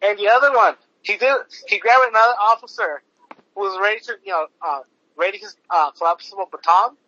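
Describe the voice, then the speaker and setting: A man's voice: sits high, a little fast, pushed and bright, no room sound. A man hosting a podcast, ranting casually with heavy swearing, lots of fillers and restarts. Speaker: podcast host. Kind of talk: casual profane podcast rant. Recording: dull lo-fi recording.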